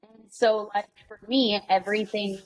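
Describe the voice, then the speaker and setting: Woman guest, 30s, mid pitch, candid and profane, animated storyteller. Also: moderate pace, low-quality recording. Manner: swears freely, animated, acts out quoted people.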